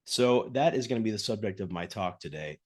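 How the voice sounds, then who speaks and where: A man giving an academic lecture over a video call, hoarse and husky from a cold, earnest and often repeating words as he starts his sentences. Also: lowish voice, expressive, a little fast, darkish tone. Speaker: guest lecturer.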